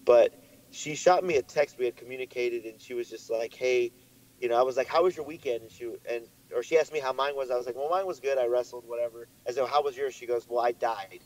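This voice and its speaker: A young man co-hosting a podcast, telling a story in a lively way and swearing often, his voice jumping up when he gets worked up. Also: medium pitch, fast talker, rough recording. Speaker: podcast co-host. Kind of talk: casual chat.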